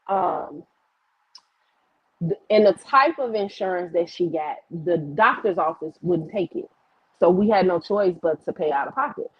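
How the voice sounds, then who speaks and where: Husky-voiced woman talking bluntly on a livestream. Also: medium pitch, dry recording, highs cut off. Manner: blunt, profane storytelling; reads and answers viewer comments. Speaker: livestream host. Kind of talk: casual livestream chat.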